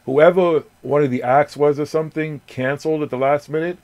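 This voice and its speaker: A man hosting a casual late-night radio chat, telling stories in a loose, profane and animated way. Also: fairly high pitch, fairly quick, no echo. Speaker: radio show host.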